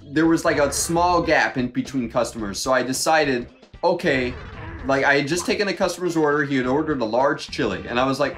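A young man co-hosting a podcast, telling a work story in a casual, animated and exasperated way. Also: on the high side, moderate pace, faint music behind. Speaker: podcast co-host.

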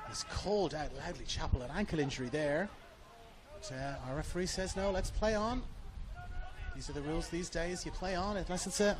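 A man with an Australian accent giving live football match commentary from a commentary box at the ground, rising with the action. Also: fairly high pitch.

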